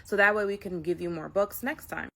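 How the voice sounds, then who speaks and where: Woman doing a gentle old-fashioned librarian. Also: on the low side, fairly quick, gravelly, full character voice. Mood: kind. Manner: gentle, reassuring.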